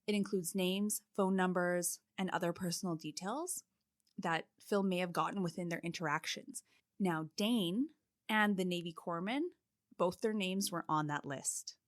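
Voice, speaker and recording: A woman's voice: lowish voice, normal speed, no echo, studio quality. A woman co-hosting a casual podcast, steadily walking her listener through a case with frequent "like" fillers. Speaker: podcast co-host telling the case. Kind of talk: casual true-crime podcast narration.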